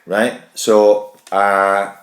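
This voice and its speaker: Sweary deep-voiced man telling a story. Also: drawn-out words, roomy sound. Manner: sweary, animated anecdote-telling. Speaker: podcast co-host. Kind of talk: casual chat, storytelling.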